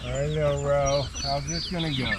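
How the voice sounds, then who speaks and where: A man on a farm outdoors, gently and playfully coaxing his animals in casual talk. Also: a little high, steady tone, measured pace, heavy background noise. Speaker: homestead vlogger.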